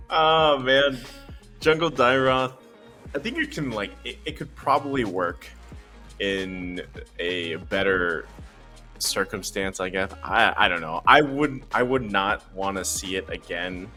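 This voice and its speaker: A man's voice: low-pitched, unhurried, bright, forceful tone, faint music behind. A man, an esports caster, talking in an upbeat, rambling way on a recap panel. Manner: upbeat, rambling, many fillers. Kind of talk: casual panel chat.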